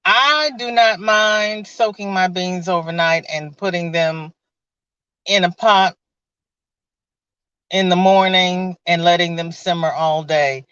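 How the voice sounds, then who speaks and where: Slow-talking woman live from her car. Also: on the low side, a bit bright, smooth, no room sound. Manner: chatty, laughs often, greets viewers by name. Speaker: live stream host. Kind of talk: casual live chat reading viewer comments. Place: inside a car. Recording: dull, lo-fi.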